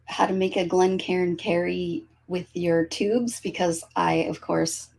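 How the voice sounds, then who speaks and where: A woman guest on a casual livestream chat, enthusiastic and quick to agree. She speaks slowly in a low voice with a husky, gravelly grain. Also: steady tone, a little mellow.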